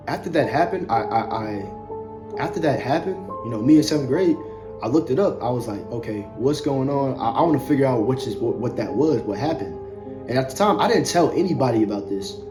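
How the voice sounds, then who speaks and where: A young man tells a personal story straight to his viewers, casual and rambling, stumbling over and repeating his words. His voice sits in a middle pitch. Music plays clearly underneath him. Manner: loose, conversational, many fillers and repeats. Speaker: vlogger.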